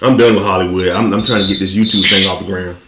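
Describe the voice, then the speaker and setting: A man's voice: low-pitched, fairly even intonation, fast talker, noisy background. Casual, profane man in an echoey room. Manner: loose, profane, laughs often. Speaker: host. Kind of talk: casual podcast chat.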